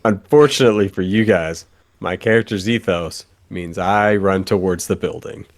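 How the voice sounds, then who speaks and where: A man playing a tabletop role-play game with friends, loose and playful, stumbling over fillers. His voice sits on the low side. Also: moderate pace. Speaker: player.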